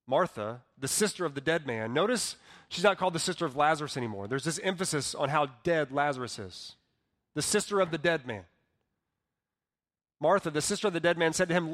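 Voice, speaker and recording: Earnest preaching man, slightly high voice. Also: in a large hall. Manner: earnest preaching, swings between soft and loud, slows for emphasis. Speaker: pastor. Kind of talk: sermon. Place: church hall.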